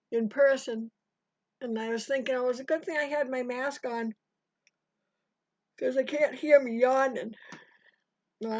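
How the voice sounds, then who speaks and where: A woman's voice: a little high, no room sound. An older woman chatting casually as she teaches a live sewing stitch-along, rambling and greeting viewers by name. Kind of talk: casual live tutorial chat. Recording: dry, dull lo-fi stream audio.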